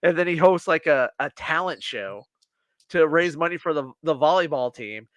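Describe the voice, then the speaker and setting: A man's voice: fairly high pitch, animated, normal speed, a bit bright, no room sound. A man co-hosting a casual podcast, animatedly retelling and acting out scenes from a TV show. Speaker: podcast co-host. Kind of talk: casual chat.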